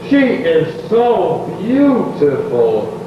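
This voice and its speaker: A man voicing a creepy self-declared king of the sea in an old kids' film, speaking slowly and solemnly. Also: sits high, wildly swooping pitch, full character voice. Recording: echoey, dull old film soundtrack with hiss.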